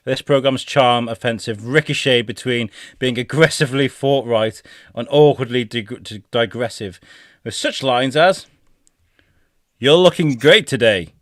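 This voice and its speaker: A man's voice: medium pitch, normal speed, no echo, clean studio sound. A man hosting a casual podcast chat, often laughing, reading quotes aloud in silly put-on voices. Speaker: podcast host.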